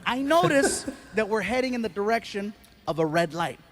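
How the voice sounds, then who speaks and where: A man performing stand-up comedy, telling a story in an animated way with bursts of shouting. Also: high voice, moderate pace, a little hiss or hum.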